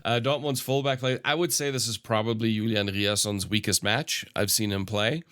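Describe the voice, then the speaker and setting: Low smooth-voiced male football pundit. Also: fairly even intonation, normal speed, a bit bright. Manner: thoughtful, analytical, many fillers. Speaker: podcast co-host. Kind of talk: casual football analysis chat.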